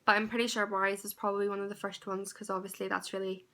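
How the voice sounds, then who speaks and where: A woman's voice: medium pitch, little pitch movement, fast, sharp tone. A young woman with a Northern Irish accent, chatting through a casual Q&A vlog, rambling and laughing between lots of ums. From Northern Ireland. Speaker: vlogger.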